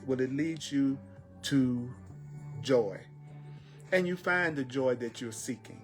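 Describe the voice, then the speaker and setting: Guy teaching spiritual stuff, says things over and over, leans hard on words, soft music behind. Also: mid-range voice. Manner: emphatic, repeats phrases, slows down on key words. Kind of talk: repetitive inspirational teaching.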